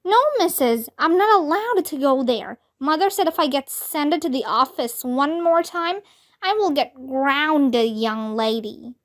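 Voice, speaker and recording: A woman voicing an excitable, loud little kindergarten girl who shouts and squeals. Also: high-pitched, a little slow. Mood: upset.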